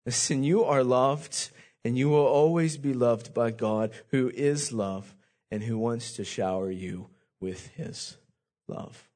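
A man's voice: medium pitch, slow pace, a little mellow. A man preaching a sermon as pastor, speaking earnestly and directly to his congregation, often repeating words.

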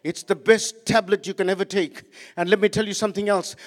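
A man preaching passionately as a pastor, swinging between loud outbursts and quiet asides. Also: sits high, fairly even intonation, fairly quick. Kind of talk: sermon. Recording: long hall reverb.

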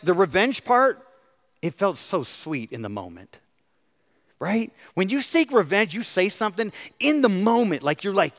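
A man's voice: fairly high pitch, fairly bright tone. A middle-aged man, a pastor, preaching a sermon and asking his congregation questions. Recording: long hall reverb.

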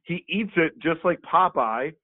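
Male podcast co-host, slightly high voice, chatty and rambling; dry, phone-like sound. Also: measured pace. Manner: rambling, animated retelling with many fillers and laughs. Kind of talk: casual chat.

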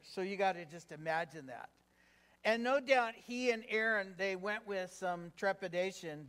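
A man's voice: sits high, a bit bright. A man preaching a sermon as pastor, conversational and engaging, often asking the congregation questions. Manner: conversational with fillers.

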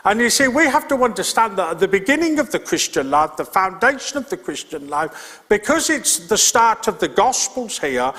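A man's voice: high-pitched, big pitch swings, normal speed, sharp tone, big-room sound. A male pastor preaching a sermon in an earnest, plain-spoken way, repeating his key points. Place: church.

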